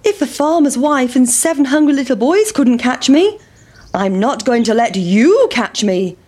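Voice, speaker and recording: A woman's voice: sits high, very animated, measured pace, mellow, pitched above the performer's own voice, full character voice. A woman voicing a cheeky, boastful talking pancake in a children's story, taunting those who chase it. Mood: defiant.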